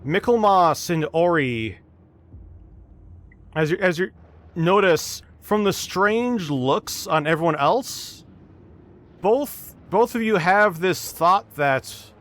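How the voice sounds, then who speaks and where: A man running a tabletop game as game master, narrating scenes in an unhurried, descriptive way. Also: high voice, animated, a bit bright.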